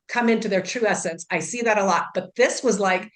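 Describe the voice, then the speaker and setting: A woman's voice: medium pitch, fairly quick. A woman guest with a mid-range voice tells her story in a loose, chatty way. She leans on "like" and "you know" and acts out the back-and-forth of each conversation herself. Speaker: guest, intuitive healer. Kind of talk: casual spoken storytelling.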